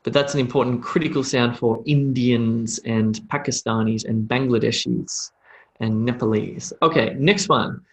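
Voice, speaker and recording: A man with an Australian accent teaching English pronunciation in a live online lesson, drawing out model phrases for students to repeat. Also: medium pitch. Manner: slow, drawn-out model phrases for repetition.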